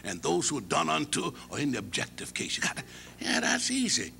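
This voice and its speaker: An older man giving a humorous storytelling speech at an academic convocation, folksy and animated, chuckling as he goes. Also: a little high, a little fast, gravelly, slight background noise. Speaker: convocation speaker.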